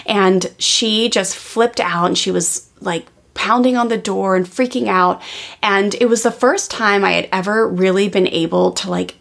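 Woman, 30s, parenting coach; casual and earnest, lots of "like"; vocal fry throughout. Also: medium pitch, fairly bright tone. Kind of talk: personal storytelling.

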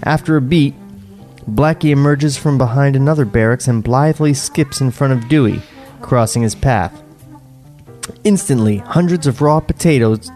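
A man's voice: mid-range voice, a little mellow. A man co-hosting a podcast, reading a script's stage directions in a laid-back way, chuckling now and then. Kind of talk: table read narration and banter.

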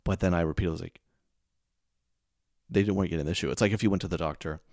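A man's voice: deep voice, rapid-fire, darkish tone, no room sound, clean studio sound. A man telling stories in a casual monologue, acting out both sides of conversations with sudden exasperated bursts. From American Heartland. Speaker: podcast host.

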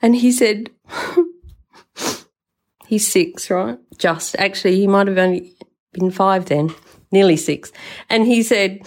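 A woman's voice: mid-range voice, takes it slowly, pauses often, darkish tone. An older woman hosting a podcast, telling a story in an emotional, rambling way and swearing freely. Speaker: podcast host. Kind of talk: casual storytelling monologue.

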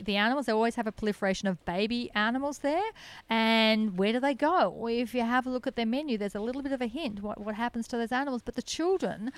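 A woman's voice: on the high side, no room sound. A middle-aged woman, founder of an animal sanctuary, telling stories in a podcast interview in an earnest, enthusiastic way and laughing often. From Australia.

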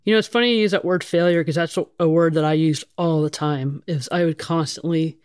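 A woman's voice: low voice, fairly even intonation, fairly quick, darkish tone, smooth, no room sound, studio quality. Blunt, candid middle-aged woman firefighter. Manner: blunt, casual and profane, with many fillers. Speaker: firefighter telling her story. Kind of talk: candid conversational storytelling.

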